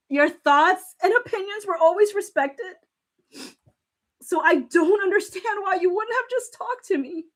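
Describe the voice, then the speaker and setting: A woman on a live stream reading text messages aloud and reacting, often laughing and close to tears. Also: extremely high pitch. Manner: emotional, laughing and near tears while reading. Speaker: livestream commentator. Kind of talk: casual live commentary reading texts aloud.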